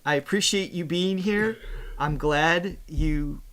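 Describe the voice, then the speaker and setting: Bright, chatty male vocal coach. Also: fairly high pitch, takes it slowly. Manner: chatty, laughs often. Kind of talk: casual reaction chat. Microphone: video call.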